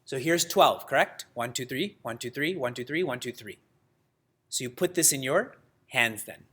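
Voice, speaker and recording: A man teaching a religious class in a lively way, asking his students questions and laughing often. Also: medium pitch, normal speed, slightly rough. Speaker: spiritual teacher.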